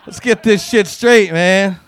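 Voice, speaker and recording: A man performing a crude, profane stand-up comedy routine, riffing and acting out quotes with loud, punchy bursts. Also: high-pitched, takes it slowly, some chatter behind.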